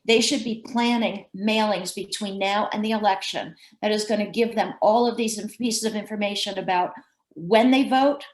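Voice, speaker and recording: A woman's voice: medium pitch, moderate pace, reverberant, low-quality recording. A woman presenter giving advice on a webinar, checking in often with "okay?". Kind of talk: advising in a video call.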